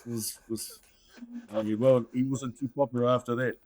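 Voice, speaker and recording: Brief: NZ man, 50s, relaxed yarn-spinner, mid-pitched, dry close sound. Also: normal speed, dry recording. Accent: New Zealand. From New Zealand. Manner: rambling anecdotal storyteller, peppered with "mate". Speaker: guest, former rugby player. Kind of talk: casual storytelling.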